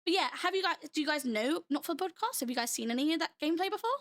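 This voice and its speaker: Young woman from Britain, high bright voice, blended British-American-Australian accent, bubbly and giggly, casual stream chat. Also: lively intonation, very fast. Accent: mixed British, American and Australian. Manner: giggly and bubbly, laughs often. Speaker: livestreamer.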